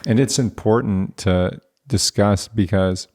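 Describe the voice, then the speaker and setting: A man's voice: lowish voice, slow pace, a little mellow. A man hosting a podcast, asking reflective questions and ending points with "right?". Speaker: podcast host. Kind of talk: conversational interview.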